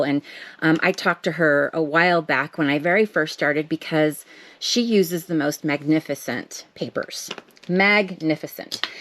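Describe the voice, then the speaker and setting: An art vlogger chats casually to camera from her home art table, rambling and self-deprecating with lots of fillers. Her voice is on the low side, with no echo.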